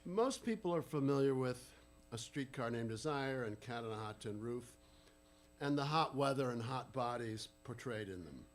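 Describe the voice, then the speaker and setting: A man presenting at a literary tribute reading, giving clear, steady explanatory commentary on the plays. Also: mid-range voice, moderate pace, faint music behind. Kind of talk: introductory commentary.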